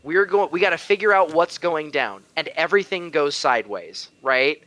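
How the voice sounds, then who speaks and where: A man's voice: fairly high pitch, lively intonation, moderate pace, a bit bright, no echo. A man on a casual podcast, arguing his points at length and riffing playfully with the others. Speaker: regular co-host.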